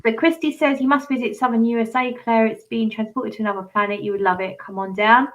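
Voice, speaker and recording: A woman's voice: fairly high pitch, steady tone, fast talker, rough recording. A woman hosting a casual livestream chat over a video call, chatty and giggly, reading out viewer comments. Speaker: channel host.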